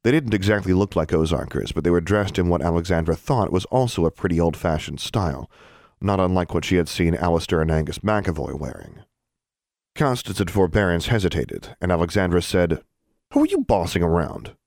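Deep-voiced male audiobook narrator. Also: a little fast, gravelly, dry recording. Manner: expressive storytelling. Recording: dry close studio sound.

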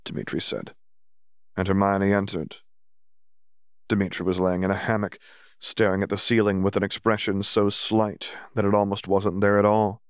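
A man's voice: deep voice, level tone, moderate pace, no room sound, studio quality. A man narrating a fan fiction audiobook, reading the story and shifting his voice a little for each character.

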